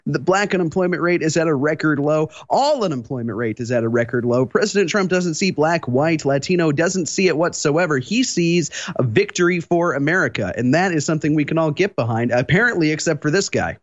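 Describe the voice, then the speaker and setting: Male panelist, slightly high voice, emphatic and sure, dull recording. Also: animated, fairly quick, few pauses. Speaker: panel guest. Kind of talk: political commentary.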